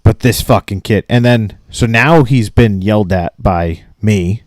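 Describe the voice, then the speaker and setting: Man in his late thirties, low voice, swearing rant, dry close sound. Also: unhurried, darkish tone, no echo. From Maine. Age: late 30s. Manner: ranting, swears constantly, acts out both sides of a story. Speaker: podcast co-host. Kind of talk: casual profane storytelling.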